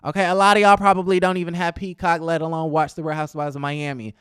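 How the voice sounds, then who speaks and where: A man's voice: on the high side, level tone, quick pace, clean tone, dry recording, clean studio sound. A man hosting a gossip vlog, giving sassy, dramatic commentary on reality TV with playful asides. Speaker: celebrity gossip vlogger.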